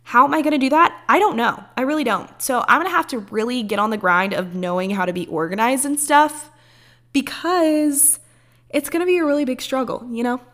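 A woman's voice: high-pitched, fairly quick, fairly bright tone. A young woman in her early twenties hosts a loose, unscripted podcast. She rambles casually, wanders off track and swears freely in her talk. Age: early 20s. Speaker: podcast host.

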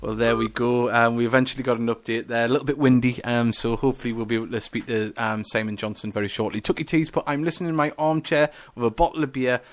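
A man's voice: mid-range voice, steady tone, fast talker, hardly any pauses. A man hosting a casual football radio show, reading out listener messages and scores with frequent ums and restarts. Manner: hesitant, lots of ums and restarts.

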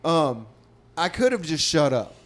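A man, a stand-up comedian, telling a profane, animated story in casual podcast chat. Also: fairly high pitch, a little slow.

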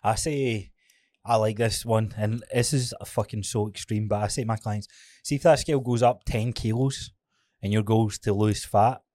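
A man's voice: on the low side, fairly even intonation, moderate pace, dark tone, no echo. A man with a Scottish accent, a fitness coach co-hosting a casual podcast, talking frankly, swearing often and acting out his own stories.

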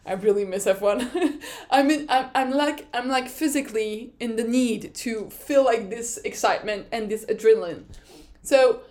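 A woman from France with a French accent, hosting a podcast in a casual, excitable explainer style that often breaks into laughter. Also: fairly high pitch. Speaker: podcast host.

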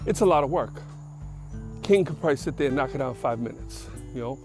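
A man's voice: mid-range voice, animated, fast, music in the background. An older man from the Bronx, a podcast host telling a casual story in a blunt, streetwise and profane way. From the Bronx, New York.

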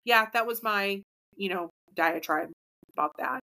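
Woman, podcast co-host, mid-pitched voice, rambling, foul-mouthed, quick laughs. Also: expressive, creaky, bright, forceful tone. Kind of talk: casual podcast chat.

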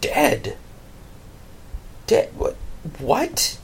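A man's voice: high-pitched, sing-song, unhurried, gravelly, slight background noise, voice pushed up, heavily acted. A man voicing a confused young man who asks anxious questions, at times in a whisper. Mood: bewildered. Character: bewildered young man back from the dead.

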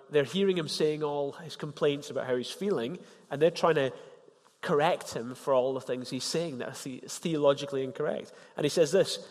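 A man preaching a sermon, animated, rising in pitch and loudness to press his points. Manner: animated, rises in pitch and volume for emphasis. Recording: long hall reverb.

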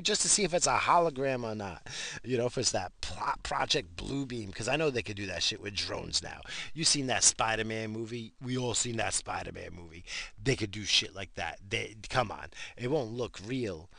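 A man's voice: lowish voice, expressive, normal speed, creaky, sharp tone, dry recording. A man talking in a casual, rambling monologue, swearing freely and laughing at his own asides.

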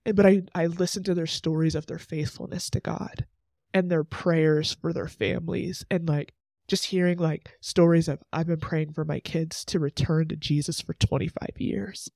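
A man's voice: fairly high pitch, steady tone, moderate pace, creaky, darkish tone, dry recording, studio quality. A man in his twenties hosting a faith podcast, talking earnestly and emotionally in a chatty way, full of "like" asides. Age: 20s. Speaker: podcast host.

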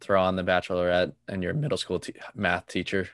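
A man's voice: low-pitched, completely flat delivery, brisk, fairly bright tone, dry recording, clean studio sound. A young man in casual chat, joking and teasing. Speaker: podcast co-host.

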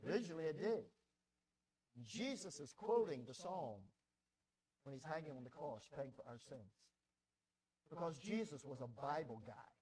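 A male pastor delivers a sermon in a fairly high voice. He moves from hushed, low stretches to loud, pleading peaks and repeats words as he presses his point. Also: lively intonation, moderate pace, long pauses, a crowd in the background, low-quality recording. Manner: emphatic preaching, swings from low and quiet to loud and pleading; repeats words when stirred.

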